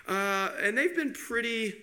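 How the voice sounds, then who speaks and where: A man's voice: very high-pitched, animated, unhurried, bright, forceful tone, pitched above the performer's own voice, heavily acted. A man voicing God as a hurt, weary male neighbor who chats casually and confides over the fence, in a sermon illustration. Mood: aggrieved.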